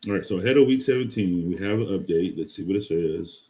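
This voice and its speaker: A man hosting a live fantasy football stream, excitable and rambling, going from loud hype to low mutters. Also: fast talker. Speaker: fantasy football show host. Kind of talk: casual live-stream talk.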